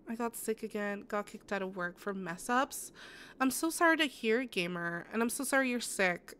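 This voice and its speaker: A woman streaming a game talks casually and sympathetically to her chat, rambling with lots of restarts and fillers. Her pitch sits in an ordinary middle range. A faint noise hangs under her voice. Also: fairly bright tone. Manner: sympathetic, answers chat messages. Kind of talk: casual live-stream chat while gaming.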